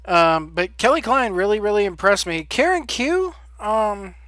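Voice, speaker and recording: Blunt high-voiced man ranting. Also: moderate pace, a bit bright, no room sound, clean studio sound. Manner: blunt, sarcastic, frequent ums. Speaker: podcast host. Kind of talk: casual opinion rant.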